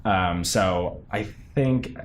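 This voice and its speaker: A man's voice: low voice, drawn-out words, a little hiss or hum. A young man, a stage actor, chatting in an interview about his role, talking animatedly with many fillers and restarts. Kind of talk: casual interview.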